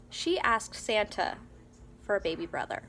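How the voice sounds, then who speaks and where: A woman's voice: medium pitch, a little hiss or hum. A young woman, a mother of three young children, casually telling a story in a home vlog, rambling with many fillers and restarts. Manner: quotes her child in a soft whisper. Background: faint music playing.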